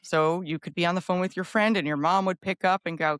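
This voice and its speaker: A woman's voice: on the low side, steady tone, brisk, fairly bright tone, clean tone, no room sound, clean studio sound. A middle-aged woman co-hosting a podcast, chatting casually and telling stories in which she acts out quoted lines. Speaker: podcast co-host. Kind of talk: casual chat.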